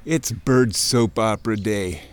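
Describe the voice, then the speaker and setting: A man narrating a nature walk by a wooded creek in an excited, chatty way, talking to himself as he films. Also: fairly low pitch, unhurried, clean tone. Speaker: nature vlogger. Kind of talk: casual outdoor narration. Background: birdsong.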